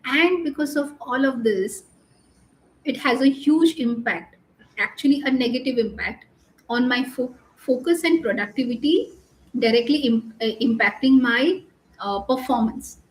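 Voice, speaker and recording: A woman coach giving an earnest live talk on emotional regulation, explaining slowly with many restarts and pauses. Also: high-pitched, roomy sound, poor audio.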